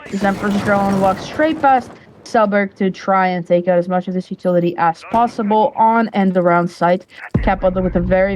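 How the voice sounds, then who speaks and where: A woman's voice: mid-range voice, a little mellow, slight background noise, poor audio. A woman casting a live esports match, talking through the play in a chatty, casual way with frequent fillers. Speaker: esports caster.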